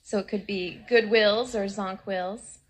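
A woman's voice: mid-range voice, fairly even intonation, measured pace. A woman hosting a game show in a bubbly, directing manner.

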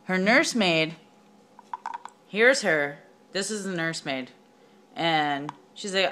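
Young student telling a story slow and halting, low voice, faint hiss behind. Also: female voice, fairly bright tone. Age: young adult. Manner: hesitant, many fillers, slangy. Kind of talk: casual homework retelling.

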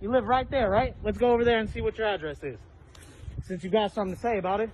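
Furious high-voiced man confronting someone outdoors. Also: fast, darkish tone, slight background noise, low-quality recording. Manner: angry, profane, confrontational. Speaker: person filming a confrontation. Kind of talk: heated street argument. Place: residential street outdoors. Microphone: phone held while filming.

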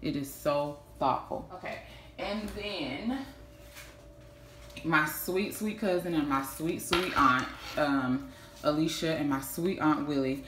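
A woman, chatting warmly in a casual vlog, gushing and repeating herself, saying y'all a lot. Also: low-pitched, slow pace. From Texas. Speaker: vlogger. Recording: echoey room with faint hiss.

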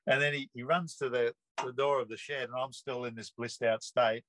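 A man's voice: mid-range voice, moderate pace, few pauses, no echo, poor audio. A man in his sixties with an Australian accent, telling a personal story in an interview and acting out the people he quotes. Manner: lively storyteller who acts out the people he quotes.

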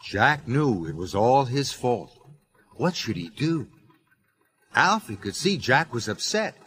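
A man narrating a children's story in an expressive, lively reading voice. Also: mid-range voice, takes it slowly. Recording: music under the voice.

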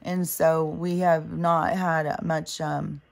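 A woman's voice: deep voice, flat delivery, slow pace, vocal fry. A woman vlogger in a casual spiritual monologue, rambling and swearing often.

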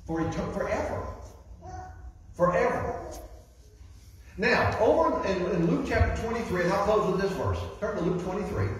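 A man's voice: high-pitched, very animated, normal speed, long pauses. Male preacher in an echoey church hall. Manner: folksy, repeats words while building a point. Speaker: guest preacher. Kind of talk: sermon. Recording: echoey hall, distant mic, faint noise.

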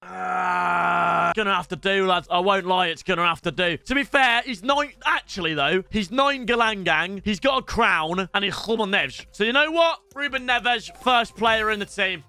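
Excitable young man, bright and crisp. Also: high voice, normal speed, no room sound. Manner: excitable, bursts into hype shouts, cheeky banter to chat. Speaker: gaming YouTuber. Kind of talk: energetic pack-opening commentary.

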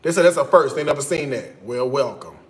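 A man's voice: mid-range voice, lively intonation, brisk, reverberant. A man from Chicago, chatting playfully to viewers as he cooks in his kitchen. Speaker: home cooking vlogger. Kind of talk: casual cooking vlog chat.

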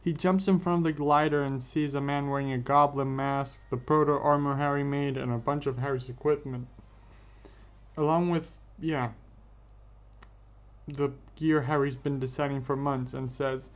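A man's voice: mid-range voice, fairly even intonation, moderate pace. A man narrating a fan-made story casually, correcting himself as he goes. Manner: unscripted, self-correcting. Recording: dull lo-fi with faint music.

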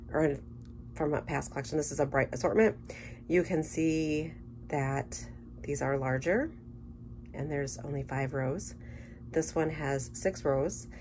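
A woman chatting casually through an unboxing, gushing with enthusiasm and dropping into soft murmured asides. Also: sits low, a little hiss or hum. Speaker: scrapbooking vlogger.

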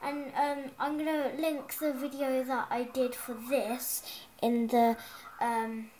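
Rambling excitable kid gaming vlogger. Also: high voice, slow pace, a little hiss or hum. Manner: rambling, full of ums and restarts; excitable, chatty. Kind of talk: casual gaming vlog chat. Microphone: gaming headset mic.

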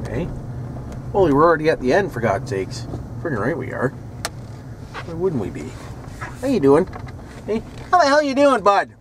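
A man talking casually to his viewers while driving, folksy and chatty, ending lines with "eh" and "boys". He films on a handheld camera from the car. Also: medium pitch. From Canada. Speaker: vlogger. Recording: noisy car and street sound. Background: car and outdoor noise.

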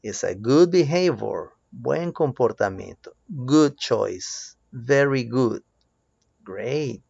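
A man with a Mexican Spanish accent teaching children English words, switching between English and Spanish and drilling them slowly with rising prompts. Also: medium pitch, gravelly, breathy edge, dry recording. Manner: slow, drawn-out drills with lively rising prompts. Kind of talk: bilingual children's English lesson. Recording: dull lo-fi sound.

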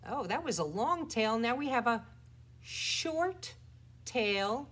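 Leading toddlers through rhymes and a picture book, this librarian flips between exaggeratedly soft and loud voices. She sits on the higher side, with lively intonation, a moderate pace and a breathy edge.

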